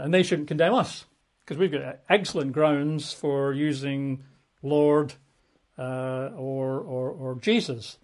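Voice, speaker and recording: Conversational preacher, fairly high voice. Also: male voice, breathy edge. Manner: relaxed conversational, many asides and self-corrections. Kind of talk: sermon Bible teaching.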